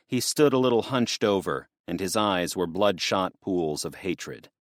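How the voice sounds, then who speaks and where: A man narrating an audiobook in a steady, measured storytelling manner. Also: low-pitched, dry recording, clean studio sound.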